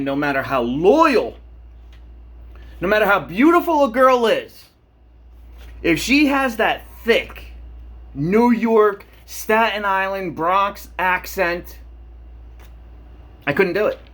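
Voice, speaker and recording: A vlogger in his late thirties delivers a rambling, profane monologue in his home shower, talking himself into a worked-up state. His voice is high with a fairly bright tone.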